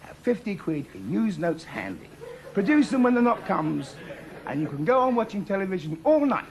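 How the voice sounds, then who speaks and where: A man giving a sardonic, mock-menacing comic address to viewers in a deadpan way. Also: high voice, normal speed, vocal fry, background noise.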